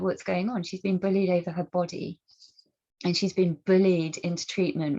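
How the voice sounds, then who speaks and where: A woman's voice: on the low side, darkish tone. A woman speaking earnestly to camera as a campaigner, asking pointed rhetorical questions and often restarting her sentences. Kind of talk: personal commentary and storytelling. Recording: dull lo-fi recording.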